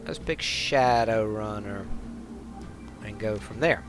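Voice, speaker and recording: A man's voice: lowish voice, takes it slowly, over music. A man streaming a role-playing game, chatting casually and poking fun at himself. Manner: casual, self-deprecating. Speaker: gamer streamer. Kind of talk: let's play commentary and reading aloud.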